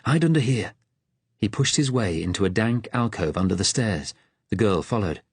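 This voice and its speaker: Low, husky male audiobook narrator. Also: expressive, normal speed, dry recording.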